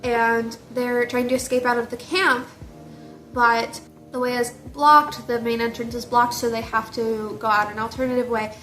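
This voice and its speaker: A young woman casually retelling a book series, animated and jokey. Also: fairly high pitch, normal speed, soft background music. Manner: animated, gushing, jokey storytelling. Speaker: book reviewer. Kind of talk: casual chat.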